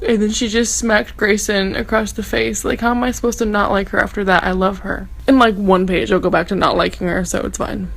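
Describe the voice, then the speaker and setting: A woman's voice: mid-range voice, steady tone, brisk, gravelly, few pauses, low-quality recording. A young woman vlogger reacting to a fantasy novel in a dramatic, sarcastic, gushing fangirl ramble. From Texas. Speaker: book vlogger.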